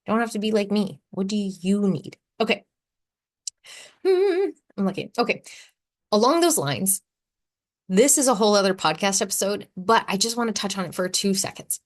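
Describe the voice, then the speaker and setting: A woman in her thirties hosting a casual solo podcast, talking in a chatty, animated way and laughing often. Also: medium pitch, a little fast. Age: 30s. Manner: chatty, animated, acts out her own quotes. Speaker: podcast host.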